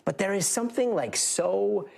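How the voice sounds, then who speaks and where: A man's voice: high voice, animated, moderate pace, creaky, darkish tone, breathy edge. A man with a Chicano accent anchoring a news segment, upbeat and playful, laughing with his guest. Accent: Chicano English.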